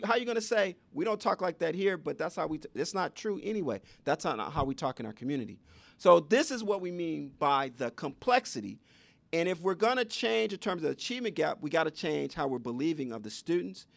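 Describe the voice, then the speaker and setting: A man's voice: high-pitched, vocal fry, no room sound. A man giving an emphatic lecture on teaching to an audience, with a repetitive, preacher-like cadence. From United States. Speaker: education speaker.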